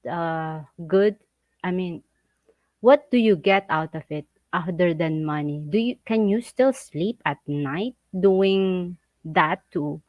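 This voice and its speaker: A woman chatting casually as a vlog co-host, animated and laughing as she reads viewer comments and acts out quoted voices. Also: lowish voice, no echo, dull audio.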